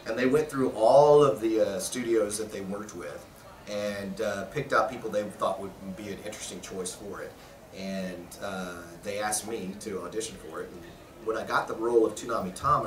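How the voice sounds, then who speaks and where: A man, a voice actor, telling stories casually in a convention press interview, animated and often laughing. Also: lowish voice, slight background noise. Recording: roomy echo, mic at a distance.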